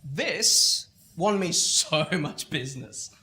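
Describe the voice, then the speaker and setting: A middle-aged Australian man giving a motivational keynote at a school festival, telling lively anecdotes and acting out other people's lines. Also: a little high, slow. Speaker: motivational speaker. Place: school event stage.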